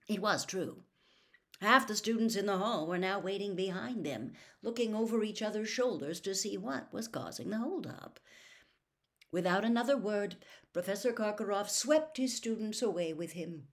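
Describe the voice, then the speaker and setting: A woman reading a storybook aloud in an expressive, dramatic way. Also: medium pitch, moderate pace. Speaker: narrator.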